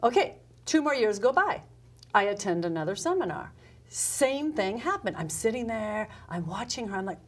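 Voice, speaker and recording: A middle-aged woman appears as a guest in a casual interview, speaking about customer service. With a medium-pitched, very animated voice at a fairly quick pace, she tells her story vividly and acts out her own past dialogue.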